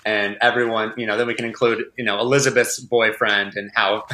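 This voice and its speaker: A co-host chatting casually about a book, with playful, animated asides. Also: medium pitch, brisk. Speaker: podcast co-host. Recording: echoey room.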